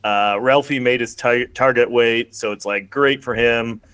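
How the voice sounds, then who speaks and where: A man's voice: mid-range voice, fairly even intonation, a bit bright, clean tone, no echo. A man hosting a podcast who recaps a film in casual, rambling chat full of "like". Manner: rambling, heavy on "like", quick bursts. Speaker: podcast host.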